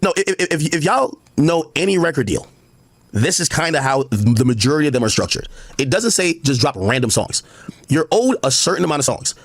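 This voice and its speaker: Male streamer, high-pitched and fast, husky tone, insistent arguer in a debate. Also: big pitch swings, no room sound. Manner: argumentative, explains insistently, talks over others. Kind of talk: heated live-stream debate.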